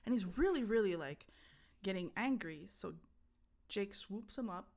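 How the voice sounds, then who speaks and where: A young woman co-hosts a podcast, casually and animatedly telling a story full of swearing, acted-out voices and plenty of laughter. Her voice is medium-pitched and a little slow, picked up by a streaming setup mic.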